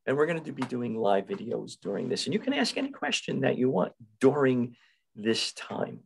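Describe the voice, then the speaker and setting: A man's voice: mid-range voice, sing-song, moderate pace, creaky, a little hiss or hum, rough recording. A man with a North Jersey accent hosting a podcast, chatting eagerly and often repeating himself as he restarts. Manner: enthusiastic, repeats words and restarts. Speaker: podcast host. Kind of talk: casual interview chat.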